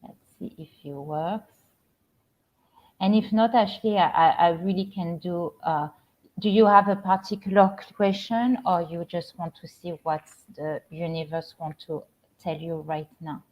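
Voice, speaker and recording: A middle-aged woman with a French accent, a spiritual coach hosting a casual live stream from home, talking gently with many halting restarts. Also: lowish voice, steady tone. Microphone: computer or phone camera on a live stream. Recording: slightly dull lo-fi stream audio.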